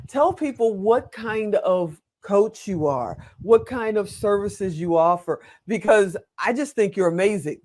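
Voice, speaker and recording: A woman's voice: medium pitch, expressive, a little slow, hardly any pauses, a little mellow. An older woman hosting an interview show, gushing over her guest and speaking frankly about herself. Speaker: host. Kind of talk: enthusiastic interview host chat.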